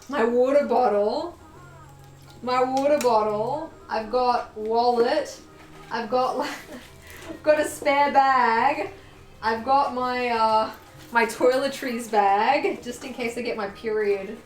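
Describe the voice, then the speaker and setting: A young woman with a slightly high voice chats on a live stream, gushing and swearing casually as she shows off her sewing. Her voice bounces around an echoey room. Faint music plays underneath.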